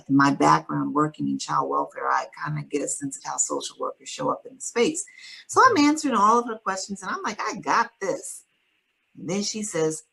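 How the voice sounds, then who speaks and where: A woman's voice: low-pitched, vocal fry, a bit bright, rough recording. A woman guest author telling a personal story in an interview, earnest and emphatic.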